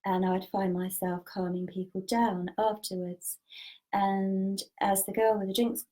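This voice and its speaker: A woman speaks as a spiritual teacher in a calm, measured, earnest way. Her pitch sits in an ordinary middle range for a woman. She tells personal stories and gives gentle guidance. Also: rough recording. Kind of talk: spiritual storytelling talk.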